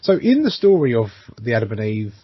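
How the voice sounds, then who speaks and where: A man's voice: mid-range voice, wildly swooping pitch, fairly quick, husky, no echo. A man co-hosting a podcast in casual chat, hesitant, restarting and swearing as he asks questions. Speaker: podcast co-host. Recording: dull lo-fi sound, dry.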